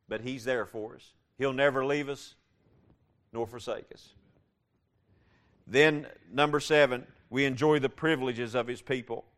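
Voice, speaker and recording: A man preaching a sermon, repeating key phrases and building from quiet passages to loud, emphatic ones. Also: mid-range voice.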